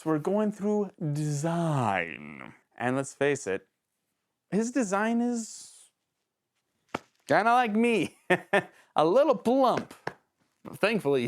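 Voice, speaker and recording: A man hosting a casual video review show, talking in an animated, jokey way that rambles and interrupts itself, with sudden jumps in pitch. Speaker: host of a villain-ranking show.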